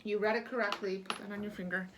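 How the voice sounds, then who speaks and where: A woman's voice: medium pitch, fairly even intonation, quick pace, background noise. A woman reading teacher leading a small-group lesson, encouraging and lavish with praise, asking patient questions and explaining step by step.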